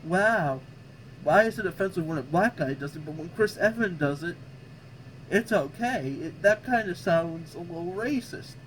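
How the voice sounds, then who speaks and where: A man's voice: sits high, animated, moderate pace, a little hiss or hum, poor audio. A man hosting a reaction video, talking back sarcastically at what he reads and tripping over words. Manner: stumbles and restarts over words. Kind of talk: casual reaction commentary.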